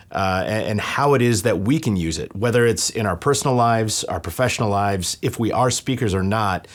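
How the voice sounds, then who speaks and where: A man hosting a podcast, asking long, earnest questions. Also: on the low side. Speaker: podcast host. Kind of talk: conversational interview.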